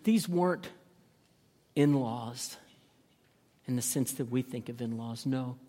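Earnest preacher with restarts, echoing hall. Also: male voice, mid-range voice, takes it slowly, pauses often, mellow. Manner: earnest, with frequent repeated words and restarts. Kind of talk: sermon, reading scripture and explaining it.

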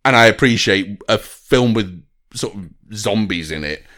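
Male podcast co-host, low voice, dry wit, strong opinions, casual delivery. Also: expressive, measured pace, a bit bright. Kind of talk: casual film-review chat.

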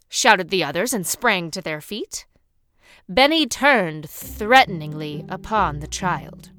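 A woman narrating a children's storybook in a measured, expressive way. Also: on the low side, dry recording, clean studio sound. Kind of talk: storybook reading.

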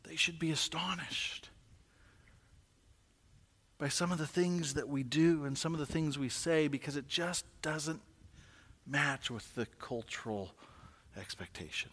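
A man preaching a sermon as pastor, conversational and asking the congregation questions, swinging from quiet to loud. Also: a little high, measured pace, long pauses, slightly rough, in a large hall.

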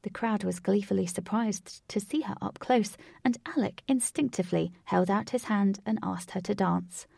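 A woman narrating a storybook in a steady, expressive reading voice. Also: medium pitch, moderate pace, vocal fry, hardly any pauses, slightly rough, dry recording, clean studio sound. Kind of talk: storybook read-aloud narration.

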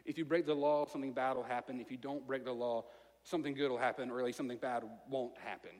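A man with a Southern American accent preaching a sermon in a conversational, self-mocking way, telling a story with lively asides. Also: medium pitch, fast. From Alabama, US. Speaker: pastor. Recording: long reverb of a large hall.

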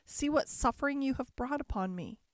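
A woman voicing a gentle, heartbroken cursed male beast in a storybook reading. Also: sits high, expressive, brisk, no echo, pitched above the performer's own voice. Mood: sorrowful. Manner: sorrowful, pleading.

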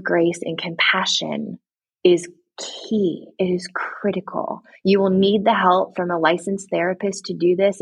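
A woman giving earnest, direct faith-based advice to parents, retelling a story with lively asides. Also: fairly low pitch, breathy edge, no room sound. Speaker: guest speaking to parents.

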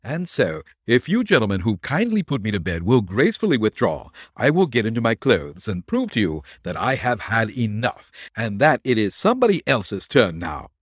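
A man's voice: on the low side, huge pitch swings, normal speed, hardly any pauses, husky, no room sound, clean studio sound, full character voice. A man voicing a stubborn male detective who talks in a blunt, sardonic way. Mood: indignant.

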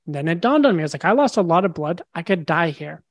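A man's voice: a little high, expressive, quick pace, no room sound, clean studio sound. A young man, a podcast guest, tells a story animatedly and acts out the dialogue. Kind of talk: storytelling in a casual interview.

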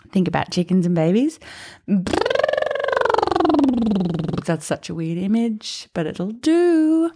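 A woman's voice: fairly low pitch, warm tone. A woman teaching singing on a podcast, playful and encouraging, dropping into sung demonstrations. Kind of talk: podcast vocal lesson.

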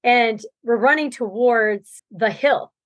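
A woman's voice: a little high, takes it slowly, no room sound, highs cut off. A woman guest on a podcast, recounting a race in loose, rambling talk and laughing often. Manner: rambling storytelling, laughs often, many fillers. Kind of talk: casual interview chat.

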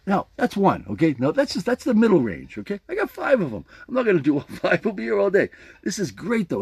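A man's voice: sits high, huge pitch swings, fast talker, darkish tone, breathy edge, no echo. A man hosting his own podcast, talking casually and playfully while demonstrating a jaw harp with a motivational message. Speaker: podcast host. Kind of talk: casual motivational vlog talk.

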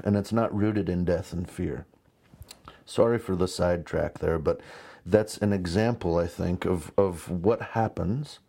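A man in his thirties preaching a conversational sermon, telling stories with lively asides. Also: low-pitched, vocal fry. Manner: conversational, animated storytelling with asides. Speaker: pastor.

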